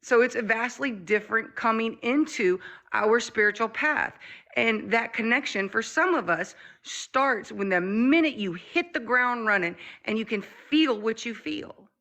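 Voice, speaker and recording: Earnest bright-voiced woman host. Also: fairly high pitch, unhurried. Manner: earnest, reflective, emphatic. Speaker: podcast host. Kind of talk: casual group discussion. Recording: background noise on mic.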